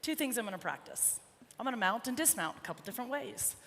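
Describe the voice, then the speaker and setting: A woman's voice: mid-range voice, sing-song, fast talker, vocal fry, hardly any pauses, fairly bright tone, in a large hall, slight background noise. A woman horse trainer on a body mic, chatting to her colt and the crowd while riding, a bit out of breath. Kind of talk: live clinic demonstration while riding. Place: indoor arena at a horse expo. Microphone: wireless body mic.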